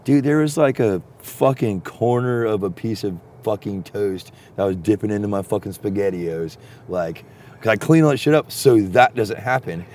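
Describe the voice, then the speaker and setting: A man telling a long story in a profane, rambling, casual way that turns animated when he gets excited. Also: on the low side, moderate pace. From Texas.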